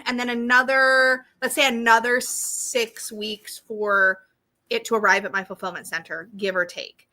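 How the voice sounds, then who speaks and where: A woman's voice: a little high, sharp tone. A woman hosting a live stream in a bubbly, chatty way, greeting viewers by name and reading their comments aloud. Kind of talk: casual live-stream chat.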